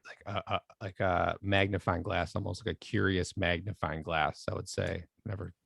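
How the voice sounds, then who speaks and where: A man's voice: low voice, level tone, moderate pace, gravelly, a bit bright, breathy edge, no room sound. A man hosting a podcast interview over a video call, talking casually with hesitant restarts. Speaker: podcast host.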